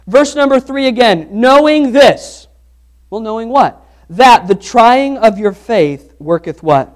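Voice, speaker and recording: A man with a strikingly high voice preaches to his congregation in a church. He talks like he is chatting with them, breaks into everyday stories and restarts his sentences as he goes. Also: takes it slowly. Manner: conversational, animated storytelling with restarts. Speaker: pastor. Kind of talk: sermon with humorous personal anecdote.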